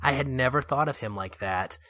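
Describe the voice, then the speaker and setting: A man co-hosting a casual movie discussion, animated and laughing often as he acts out quotes. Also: mid-range voice, brisk, no room sound, clean studio sound. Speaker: podcast co-host.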